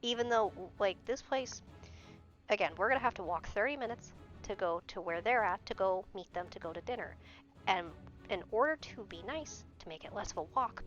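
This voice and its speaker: A woman's voice: mid-range voice, animated, brisk, fairly bright tone. A young woman streamer telling a story in casual chat, exasperated and swearing often. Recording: dull lo-fi stream audio. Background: faint background music.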